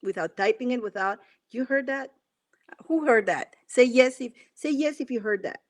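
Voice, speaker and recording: A woman's voice: on the high side, normal speed. A woman acting as a spiritual coach on a live stream, repeating instructions and guiding listeners through affirmations. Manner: repetitive, coaxing instructions.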